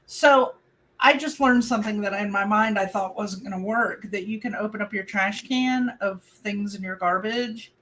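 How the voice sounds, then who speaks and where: A woman's voice: mid-range voice, moderate pace, a bit bright, poor audio. A woman co-hosting a casual live chat, talking in a chatty way and quoting people as she tells a story. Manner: apologetic, chatty, quotes others. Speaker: co-host.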